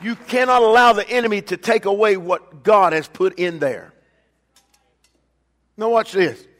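An older man preaching a sermon as pastor, swinging between loud emphatic bursts and quiet asides, calling on the congregation by name. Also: high voice, measured pace, a faint crowd. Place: church sanctuary. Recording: long reverb of a church hall.

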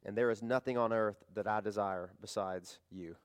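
A man's voice: fairly low pitch, steady tone, moderate pace, clean tone. Male pastor, conversational sermon delivery, emotional, climbs to fervent emphasis.

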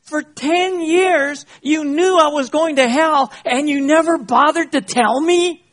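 A preacher playing an excited, outraged father. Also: extremely high pitch, slow pace, voice pushed up, heavily acted. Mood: exasperated. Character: newly converted father, excited then exasperated.

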